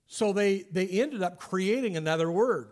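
A man's voice: high voice, lively intonation, normal speed, a little mellow. A man giving a conversational Bible study lesson, explaining step by step with frequent restarts. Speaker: Bible teacher.

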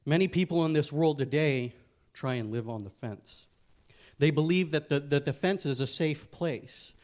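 A man's voice: mid-range voice, moderate pace, a little mellow. A man giving a casual sermon as a youth pastor, joking and speaking frankly.

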